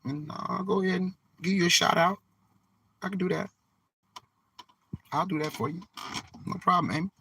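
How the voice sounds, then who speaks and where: A man hosting a live stream from a vehicle, talking to his chat in a slow, emphatic, preachy way and dragging out key words. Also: sits high, steady tone, vocal fry, pushed and bright, breathy edge. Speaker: livestream host.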